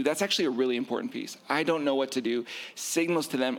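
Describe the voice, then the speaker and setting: A middle-aged man, a marriage therapist, explaining relationships in an animated way and acting out quoted arguments. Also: medium pitch, very fast, hardly any pauses. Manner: acts out quoted arguments, self-described nerding out.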